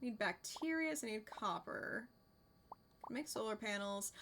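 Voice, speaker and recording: A woman streaming a game, chatting excitedly and sometimes dropping to a soft whisper. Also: a little high, measured pace, creaky, a little hiss or hum. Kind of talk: casual live-stream commentary. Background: game music.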